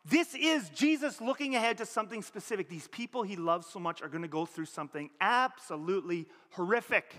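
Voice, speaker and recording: A man from Canada delivers a sermon in a bright, high, forceful voice. He preaches conversationally, swinging from loud emphatic lines to low, quiet ones. The sound carries a long hall reverb. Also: a little fast, few pauses. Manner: animated, conversational preaching with sudden rises and drops in pitch and volume. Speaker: pastor.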